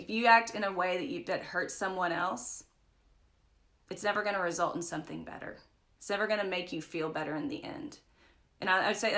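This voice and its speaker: A young woman with a lowish, fairly bright voice leads a casual Bible study over a livestream, picked up by a phone or webcam mic. She's chatty and tells stories, frequently dropping "like" and "right?".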